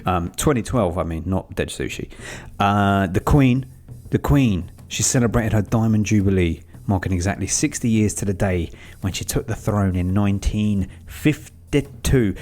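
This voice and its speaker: A man's voice: on the low side, moderate pace, few pauses, a little mellow. A man co-hosting a podcast, chatting casually and teasing his co-host. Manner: teasing, jokey. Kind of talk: casual chat.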